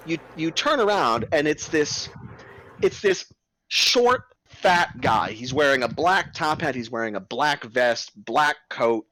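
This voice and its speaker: Man, game master, casual rambling narration, lively pitch, dry close sound. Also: takes it slowly, no echo, poor audio.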